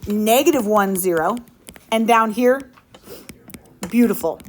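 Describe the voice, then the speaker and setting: A woman's voice: medium pitch, lively intonation, measured pace, a little hiss or hum. A woman teaching a math lesson in a classroom, upbeat and playful, often asking the class questions. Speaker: high school math teacher. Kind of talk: classroom lecture.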